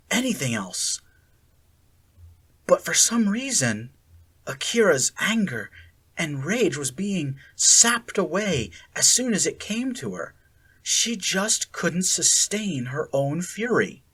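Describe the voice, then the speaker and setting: Story narrator, slow measured reading, lively intonation, breathy husky tone. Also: medium pitch. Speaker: story reader. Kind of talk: fan fiction audiobook narration.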